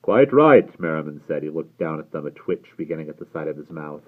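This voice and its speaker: A man reading a novel aloud as a storyteller, with a lively, expressive delivery. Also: extremely low pitch, fast. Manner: lively storytelling reader who raises his voice for characters. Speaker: audiobook reader. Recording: tinny phone-like sound.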